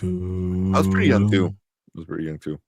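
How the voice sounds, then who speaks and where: A man co-hosting a casual show chat, animated, laughing often and restarting his sentences. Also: deep voice, fairly quick, no echo, studio quality. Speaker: co-host.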